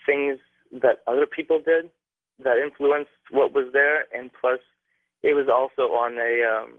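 Young male caller from Canada, halting phone storyteller, tinny and dry line. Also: medium pitch, steady tone, dry recording. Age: young adult. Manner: halting, many fillers and restarts.

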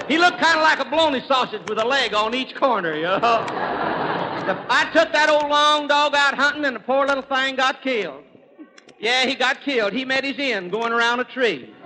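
A man with a sharp, high voice, rattling off folksy hunting gags and chuckling at his own punchlines. He stumbles into his sentences with quick restarts. The sound carries a long hall echo over faint hiss. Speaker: stage comedian. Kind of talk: rapid-fire rural stand-up gags. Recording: echoey hall with faint noise.

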